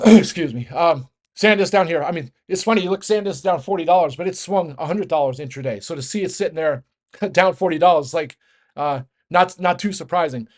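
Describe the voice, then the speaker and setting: A man giving a fast, rambling casual market rant as host, with many restarts and fillers. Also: on the high side. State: out of breath. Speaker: market commentator.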